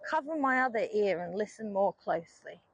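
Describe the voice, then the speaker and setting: A woman's voice: medium pitch, expressive, brisk, breathy edge. A woman speaking as an eager horse who leans in to catch every word, chatty and attentive. The voice is dry and close, with no room echo. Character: attentive horse straining to listen.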